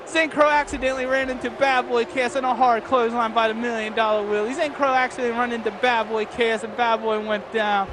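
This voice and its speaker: An excitable wrestling commentator calling a match play by play, often shouting and swearing. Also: mid-range voice, fast talker, few pauses. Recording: loud background noise.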